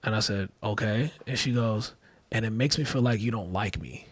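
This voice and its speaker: A man's voice: lowish voice, moderate pace, husky, no echo. A man in a casual, heartfelt conversation, telling candid personal stories about fatherhood with lots of "like" and acted-out quotes. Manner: candid storytelling with many fillers, acting out quoted voices. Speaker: podcast guest, father.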